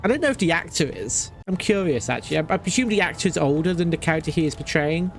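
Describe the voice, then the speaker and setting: A man's voice: a little high, lively intonation, quick pace, slight background noise. A man streaming a game, chatting casually, ranting and laughing often. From Britain. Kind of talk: casual chat while playing.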